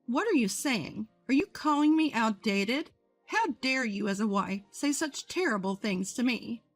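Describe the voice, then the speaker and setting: A woman's voice: on the high side, expressive, measured pace, dry recording, faint music behind. A woman voicing a bossy, nagging mother-in-law. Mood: indignant. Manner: nagging, entitled.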